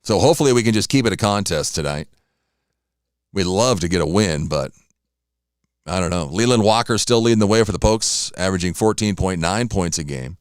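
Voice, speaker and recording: A man with a lowish voice hosts a solo radio talk show, rambling easily from one thing to the next. His sound is close and dry with no room around it. He keeps a loose, chatty flow. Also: expressive, brisk, clean tone, dry recording. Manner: rambling, chatty, talks while eating.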